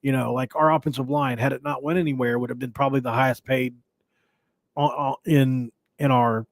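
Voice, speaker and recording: A man's voice: medium pitch, fairly even intonation, brisk, no room sound. A man hosting a sports podcast in a casual, rambling way, with restarts and jokey asides. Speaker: podcast host.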